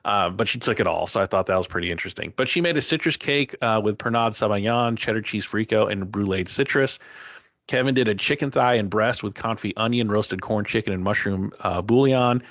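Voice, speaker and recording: Guy hosting a food podcast, chatty, gets excited, kinda dull dry audio. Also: fairly low pitch, fairly quick, dry recording. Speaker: podcast host. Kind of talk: casual recap chat.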